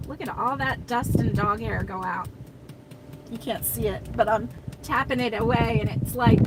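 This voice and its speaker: A woman's voice: on the high side, moderate pace, heavy background noise. An older woman chatting casually from inside her car on a live stream, rambling, laughing often and reading out viewer comments. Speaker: crochet channel host.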